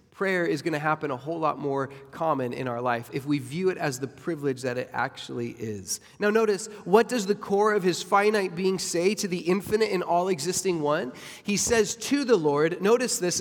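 A man preaching a sermon with emphatic delivery and rhetorical questions to the congregation. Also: fairly high pitch. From United States. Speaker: pastor. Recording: long hall reverb.

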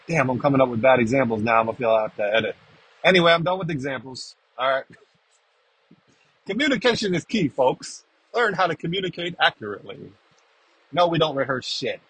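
A man's voice: mid-range voice, animated, brisk, fairly bright tone, slightly rough, low-quality recording. A man hosting a recovery podcast, talking freestyle in a blunt, casual way, swearing and checking in with "right?" as he goes. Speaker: podcast host.

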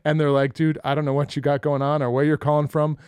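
A man's voice: fairly high pitch, fast, clear, resonant tone, no echo, studio quality. A middle-aged man co-hosting a podcast, telling stories in casual chat, cursing freely and acting out the quotes. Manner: profane, animated storyteller acting out quotes. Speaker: podcast co-host.

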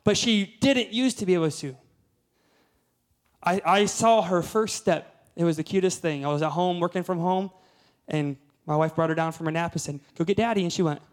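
A man's voice: high-pitched, normal speed. A man in his thirties preaching a sermon, telling a family story and building to emphatic, rising peaks. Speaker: guest preacher.

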